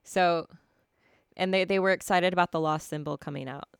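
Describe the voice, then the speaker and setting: A woman's voice: on the low side, fairly even intonation, normal speed, gravelly, clean tone. A woman co-hosting a casual podcast who chats and reads out quotes. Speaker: podcast co-host.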